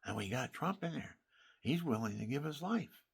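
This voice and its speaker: A man's voice: medium pitch, lively intonation, moderate pace, gravelly, breathy edge. An older man, a military veteran, telling war stories in a rambling, emphatic spoken monologue that wanders and restarts.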